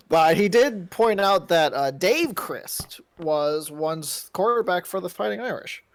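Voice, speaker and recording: A man co-hosts a podcast in a casual, wry manner. His voice has lively rises and falls in pitch, and he sets up his partner's rants with dry remarks. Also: takes it slowly. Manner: laid-back, wry sidekick. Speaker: podcast co-host.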